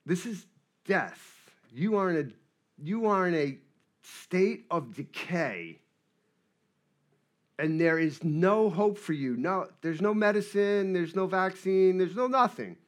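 A man preaching a sermon in a conversational way, moving between hushed and emphatic passages. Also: high-pitched, lively intonation, slow pace. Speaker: pastor.

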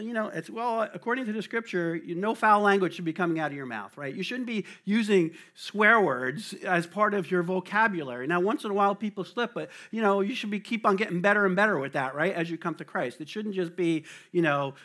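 A middle-aged man with a New Jersey accent, likely a lay preacher or Bible teacher, leads a casual Bible study, laughing often and checking in with "right?". His high voice sounds animated, pushed and bright, and he talks briskly with few pauses.

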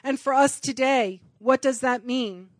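A woman with a fairly high voice preaches a sermon in an earnest, personal way. Her points build into emphatic repeated phrases. The sound is close and dry. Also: measured pace, no echo. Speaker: church speaker.

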